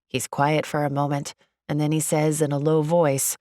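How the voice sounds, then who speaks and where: Audiobook narrator: woman, low voice, expressive and upbeat, dry close studio sound. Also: moderate pace, no room sound. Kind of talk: first-person audiobook narration.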